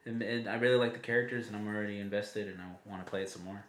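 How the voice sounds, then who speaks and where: Rambling, tired-sounding man chatting on a podcast, words tumbling out quickly in a fairly low voice. He laughs often as he talks. The room rings with echo and a faint hum runs underneath. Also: fairly even intonation. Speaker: podcast co-host. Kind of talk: casual chat. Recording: echoey room.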